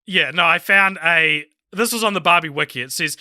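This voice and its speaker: A hoarse man with a New Zealand accent, chatting casually as a podcast host, rambling and giggly. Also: a little high, a little fast, pushed and bright, no echo, studio quality. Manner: rambling, giggly, lots of fillers. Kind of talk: casual chat.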